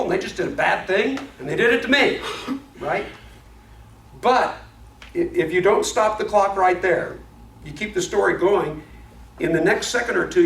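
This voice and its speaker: A man teaching a Bible study in a casual, animated way, often restarting his words as he tells a story. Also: high-pitched, vocal fry. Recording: echoey room, mic at a distance, faint noise.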